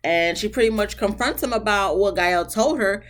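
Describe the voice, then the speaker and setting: A woman's voice: medium pitch, moderate pace. A woman giving a casual, slangy recap of a reality show episode, talking straight to her viewers. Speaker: TV show reviewer.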